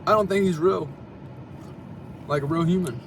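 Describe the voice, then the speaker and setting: A man's voice: fairly high pitch, normal speed. Young man joking loosely in a car. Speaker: podcast co-host. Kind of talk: casual chat. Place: inside a car. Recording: distant mic with car noise.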